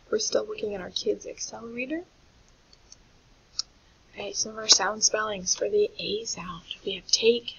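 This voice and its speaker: Lady teacher going over spellings slowly for little kids, a bit of fry in her voice, muffled recording. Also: medium pitch, a bit bright. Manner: clear, deliberate, slows to spell out sounds. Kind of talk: reading lesson for young children. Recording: dull lo-fi recording with faint hiss.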